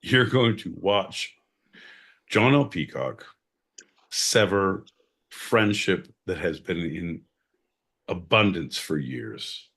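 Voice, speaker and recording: A man's voice: low-pitched, lively intonation, slow pace, vocal fry, pauses often, a bit bright, husky. A man co-hosting a podcast, bantering sardonically with mock-grand announcements and frequent swearing. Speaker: podcast co-host. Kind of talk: casual comedic banter.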